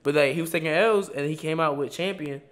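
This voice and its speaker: A young man co-hosting a casual podcast, animated and storytelling, often acting out the voices of people he describes and laughing as he goes. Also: a little high, fast. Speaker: podcast co-host.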